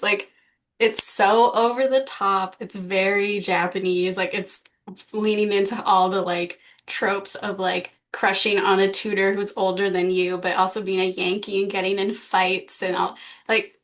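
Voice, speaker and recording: A woman's voice: mid-range voice, steady tone, measured pace, fairly bright tone. A woman co-hosting a podcast, talking casually and filling her speech with likes and laughs. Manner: chatty, many "like" fillers, laughs often. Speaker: podcast co-host. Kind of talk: casual chat.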